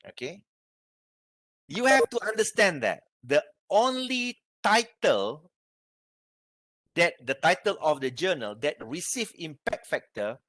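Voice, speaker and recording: Male lecturer, Malaysian English accent, animated pitch, slightly high voice, dry sound, asks the class for questions. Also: no echo. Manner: explains step by step, asks the class if they have questions. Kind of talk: university lecture on research methods.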